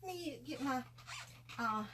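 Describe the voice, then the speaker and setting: A woman's voice: high voice, expressive, a little slow, bright, forceful tone, breathy edge. A woman chatting folksily to viewers as she demonstrates card making live from her craft table. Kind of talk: live-stream craft demo.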